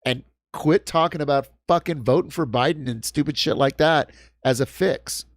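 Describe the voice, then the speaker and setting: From home in New York, a livestream host in his 50s gets worked up in casual chat, cursing a lot and tripping over himself as he restarts sentences. His pitch sits on the high side and his pace is moderate. The sound is clean and studio-like, free of any room tone.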